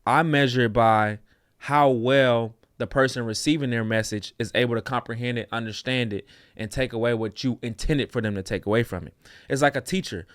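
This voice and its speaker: A man co-hosting a casual reaction show, speaking in an animated, opinionated way. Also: medium pitch, brisk, no room sound, studio quality. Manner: animated, opinionated, slips into mocking voices. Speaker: co-host.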